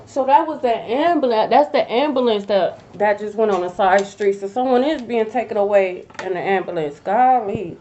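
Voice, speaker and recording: A woman's voice: medium pitch, moderate pace, hardly any pauses. Blunt, profane woman telling a story. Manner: blunt, profane, animated, addresses viewers as y'all. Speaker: tarot reader. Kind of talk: casual storytelling to viewers. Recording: dull lo-fi recording.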